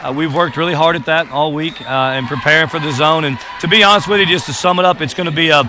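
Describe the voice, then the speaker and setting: A man's voice: a little high, fast, noisy background. A man, a basketball coach, talking casually in a courtside interview, rambling with many fillers and restarts. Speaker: boys basketball coach, guest. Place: gym during a game.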